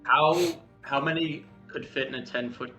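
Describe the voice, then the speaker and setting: A man playing in a tabletop game, asking questions in halting bursts. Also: mid-range voice, fairly even intonation, bright, forceful tone, lo-fi sound, faint music behind. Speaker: player. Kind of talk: casual tabletop play chat.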